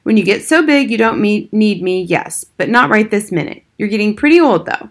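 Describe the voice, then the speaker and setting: A woman voicing a stern, brisk older nanny in a storybook reading. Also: medium pitch, lively intonation, close to an everyday voice. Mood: explaining. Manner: brisk, scolding. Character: stern older nanny, fierce but caring.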